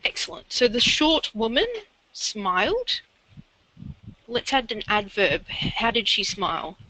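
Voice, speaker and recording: A woman's voice: medium pitch, lively intonation, slow, pushed and bright, dry recording, low-quality recording. A woman tutoring a learner in literacy, explaining grammar step by step and encouraging them. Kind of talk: one-on-one literacy lesson.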